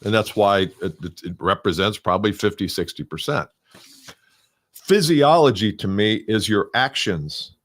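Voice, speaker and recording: A middle-aged man coaching salespeople in a conversational, emphatic solo talk. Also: fairly low pitch.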